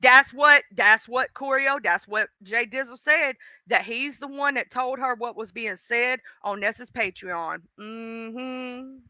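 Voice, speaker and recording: Bright-voiced chatty woman streamer. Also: fairly high pitch, slow, few pauses, clear, resonant tone, no echo. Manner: chatty, greets commenters by name, slangy asides. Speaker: livestream host. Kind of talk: casual gossip chat with viewers.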